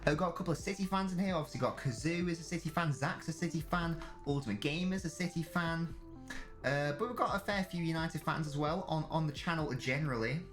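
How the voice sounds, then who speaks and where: A man's voice: on the high side, fast, a bit bright, faint music behind. A young man chatting casually on a live stream, joking and reading out viewers' messages. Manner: chatty, jokey, reads chat aloud.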